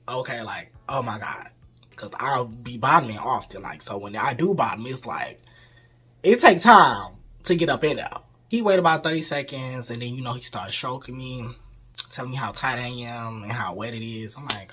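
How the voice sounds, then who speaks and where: A man's voice: mid-range voice, normal speed, pushed and bright, slightly rough. A young man telling a casual, candid storytime with lots of profanity, acting out the people in his story as he goes. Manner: acts out voices in the story. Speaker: vlogger.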